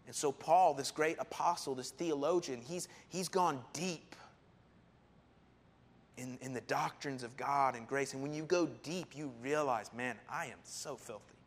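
A man preaching a sermon in an animated, emphatic way, often acting out quotes. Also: a little high, unhurried. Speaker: pastor.

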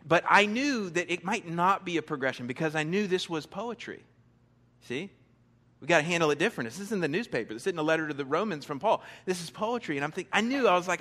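Young male pastor, slightly high voice, easygoing conversational sermon with humor. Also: big pitch swings, sharp tone, long reverb tail. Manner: casual, conversational preaching with playful asides and quick bursts. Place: church sanctuary with a stage.

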